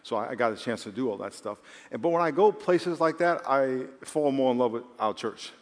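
A man's voice: medium pitch, lively intonation, a little fast. A man preaching a sermon as the church's pastor, telling stories and building to emphatic points. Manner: storytelling, rising to emphatic preaching. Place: large church hall. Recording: long hall reverb.

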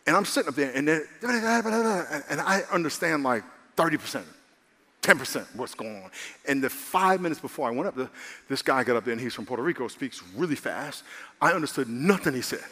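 A man preaching a sermon as a pastor, animated and calling for amens, his voice rising to excited shouts. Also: fairly high pitch, brisk. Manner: calls for amens from the congregation. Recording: long hall reverb.

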